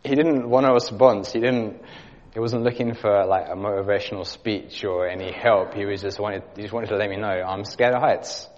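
A man's voice: fairly low pitch, steady tone, brisk, darkish tone. A man preaching to his church, telling an earnest story with light laughs before leading a prayer. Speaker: youth leader preaching. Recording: dull lo-fi sound with long hall reverb.

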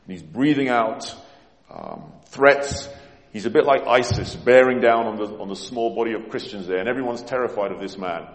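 A man's voice: fairly low pitch, normal speed. A man preaching a sermon, dramatic and emphatic, acting out the voices he quotes. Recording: echoey hall with long reverb.

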